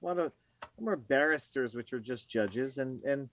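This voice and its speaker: A man hosting a casual online chat, relaxed and joking. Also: mid-range voice, moderate pace, highs cut off. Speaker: host.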